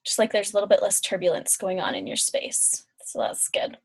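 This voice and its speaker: A woman's voice: medium pitch, very animated, brisk, gravelly, slightly rough. Chatty woman leading a healing session. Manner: chatty, with many fillers and yawns. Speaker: intuitive healer. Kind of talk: guided energy-clearing session.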